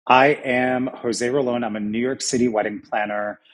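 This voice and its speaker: A man's voice: mid-range voice, steady tone, moderate pace. A man who is a guest on a podcast, talking about himself in an easygoing, upbeat way. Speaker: guest, wedding planner. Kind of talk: casual interview chat.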